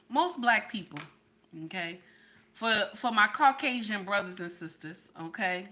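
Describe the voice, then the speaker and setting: Woman host, bright and forceful tone, emphatic, repetitive reaction commentary. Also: mid-range voice, lively intonation, measured pace. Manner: emphatic, repeats "okay?" to drive points home; talks to her chat directly.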